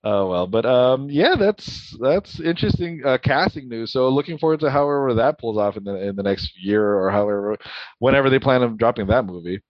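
A man co-hosting a casual podcast chat, laid-back and quick to laugh. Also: mid-range voice, animated, no room sound, muffled recording. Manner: laid-back, laughs often, says dude. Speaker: podcast co-host.

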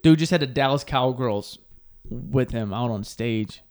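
A young man co-hosting a podcast, joking and swearing loudly and jumping high in pitch as he tells stories. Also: a little slow. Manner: loud, profane and joking, swings pitch up high when telling stories. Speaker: podcast co-host. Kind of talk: casual chat.

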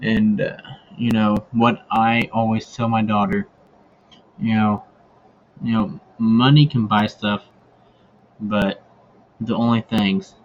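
Speaking slowly and pausing often, the man has a lowish, level voice. He hosts a hunting podcast and tells casual stories, rambling with lots of fillers and restarts, on a dull lo-fi recording with faint ambient noise.

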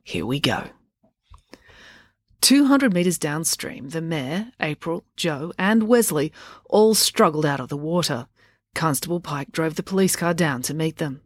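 A woman who is a children's author and podcast host, reading a bedtime story aloud in a slow, deliberate way. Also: sits low, animated, no echo, studio quality.

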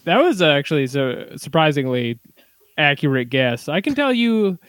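A man's voice: fairly high pitch, sing-song, normal speed, a bit bright, no echo. A man co-hosting a casual comedy podcast, riffing on jokes with crude humor. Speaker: podcast co-host.

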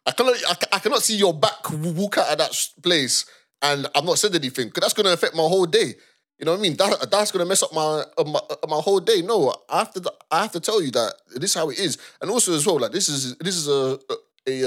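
A young man telling a story on a podcast, animated, with many repeated words. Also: fairly high pitch. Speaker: podcast co-host. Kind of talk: casual chat.

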